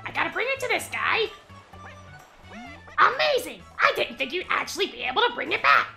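A woman voicing a crude, excitable little mushroom man during a game livestream. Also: very high voice, fairly quick, gravelly, soft background music, pitched above the performer's own voice, heavily acted. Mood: squawking. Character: squeaky foul-mouthed little mushroom man.

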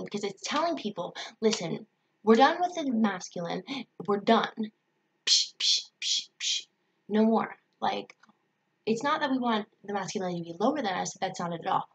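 A young woman telling a personal story in a casual vlog, excitable, swearing and full of filler words. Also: mid-range voice, low-quality recording. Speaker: vlogger.

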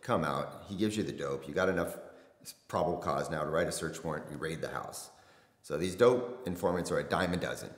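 A man's voice: a bass voice, brisk. A middle-aged man, a former detective, recounting a case in blunt, conversational interview talk. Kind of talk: casual storytelling interview. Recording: echoey room with long reverb.

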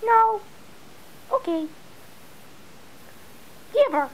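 A woman talks to her dog in a very high, exaggerated baby-talk voice. Her pitch swoops up and down in a sing-song way. She speaks slowly on a casual home camera recording. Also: sing-song, low-quality recording. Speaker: pet owner filming her dog.

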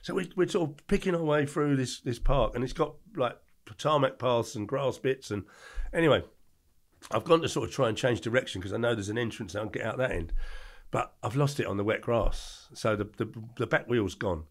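Gravelly, fast-talking middle-aged man; animated storyteller guest. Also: medium pitch. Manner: animated anecdotes with acted-out quotes. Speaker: podcast guest. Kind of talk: casual storytelling.

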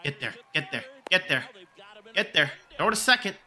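A young man giving live commentary over his own video game, casual and excitable, shouting at big plays. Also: fairly high pitch, moderate pace. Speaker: gaming channel host.

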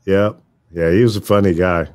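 A man's voice: sits low, steady tone, moderate pace, a little mellow, clean tone. A man co-hosting a casual talk show, easygoing and chiming in with short remarks.

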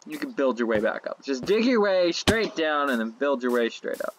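Woman, low and lively-pitched, excitable gameplay commentator who talks to herself and swears freely. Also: normal speed, background noise.

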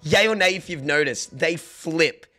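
A young man chatting casually on a live stream, joking and breaking into mock shouts, recorded on a desk microphone at home. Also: fairly high pitch, unhurried, faint music behind. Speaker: livestreamer.

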